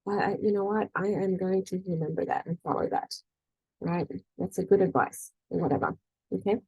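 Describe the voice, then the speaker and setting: A middle-aged woman leads a group meeting as a spiritual energy-healing coach, giving a casual faith-based talk in which she chats, leans on "you know" and "right?", and voices the people she quotes. She speaks a little fast in a fairly low, creaky, dark voice with a breathy edge and fairly even intonation. The sound is lo-fi, with no room sound.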